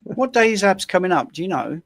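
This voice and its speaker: A man in his sixties with a gravelly edge, talking into a dry, close video-call mic. He answers questions in a chatty, rambling way, dropping self-deprecating asides as he explains. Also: sits high, very animated, fairly quick, fairly bright tone, no room sound. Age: 60s. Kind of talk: casual online Q&A.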